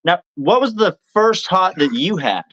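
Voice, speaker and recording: A man co-hosting a podcast, asking casual interview questions in a relaxed, slightly stumbling way. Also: high voice, a little slow, highs cut off. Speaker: podcast co-host.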